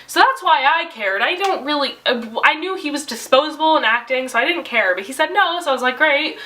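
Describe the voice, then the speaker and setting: High bright teenage girl venting. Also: expressive, fairly quick, poor audio. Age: teens. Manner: rambling, exasperated, lots of "like". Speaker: video diary vlogger. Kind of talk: casual venting vlog.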